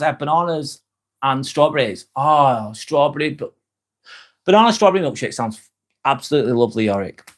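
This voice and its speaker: Man, live-stream host, chatty, blunt, swears, average pitch. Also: animated, fairly quick. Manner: chatty, swears freely, answers viewers by name. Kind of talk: casual live-stream chat reading comments.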